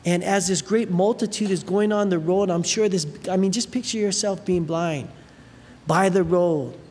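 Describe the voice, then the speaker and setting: Animated preacher in an echoing hall. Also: medium pitch, normal speed. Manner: animated storytelling, many fillers. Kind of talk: sermon. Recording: long hall reverb, faint noise.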